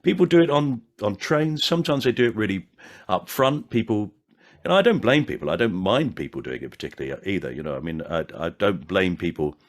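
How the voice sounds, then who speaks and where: An older man, an actor, chatting in an interview and telling anecdotes with animated impressions of fans. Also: fairly low pitch, brisk. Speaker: actor guest. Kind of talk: casual interview chat.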